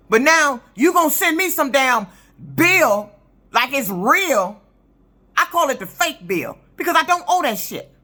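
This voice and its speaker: A woman's voice: high voice, bright, forceful tone. A woman in her fifties, a truck driver, telling a story in an indignant, profane, emphatic rant for her vlog. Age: 50s.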